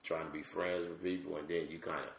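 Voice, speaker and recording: A middle-aged male comedian telling animated, slangy stories as a podcast guest. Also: sits low, quick pace, creaky, a little hiss or hum. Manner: animated, slangy, lots of asides. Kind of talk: comic storytelling on a podcast. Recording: roomy echo.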